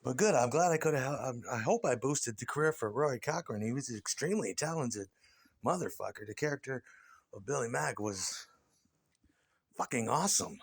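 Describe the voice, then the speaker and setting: Man ranting in a casual interview, foul-mouthed and scornful, pitch swinging up and down a lot. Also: animated, moderate pace, breathy edge.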